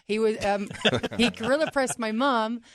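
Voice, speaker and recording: A woman's voice: fairly high pitch, normal speed. A woman in her thirties with an English accent, guesting on a radio show, chatting in a jokey, self-mocking way. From England. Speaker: guest wrestler. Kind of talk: casual interview chat. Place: radio studio.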